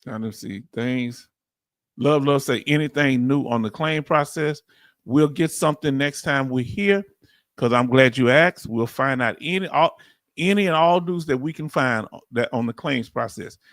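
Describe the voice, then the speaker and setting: A man's voice: medium pitch, moderate pace, no room sound. Southern man in his fifties, chatty livestream host reading chat aloud, dry close sound. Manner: chatty, reads chat aloud, bursts of laughing excitement.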